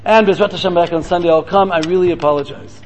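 A man's voice: high voice, quick pace, slight background noise, natural voice. A man quoting a sheepish teenage boy who apologizes and explains himself.

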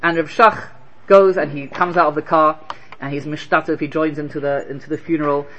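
A man giving an animated Torah lecture, firing rhetorical questions and telling stories. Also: a little high, fairly quick, dull audio, a little hiss or hum. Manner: animated, rhetorical questions, Hebrew terms woven in. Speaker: Torah teacher.

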